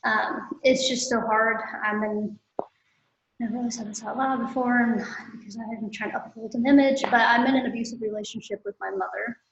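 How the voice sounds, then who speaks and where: A woman's voice: on the high side, steady tone, brisk, creaky, muffled recording, slight background noise. Young woman sharing candidly, roomy echo. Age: 20s. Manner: rambling, emotional, self-deprecating. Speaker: support group member.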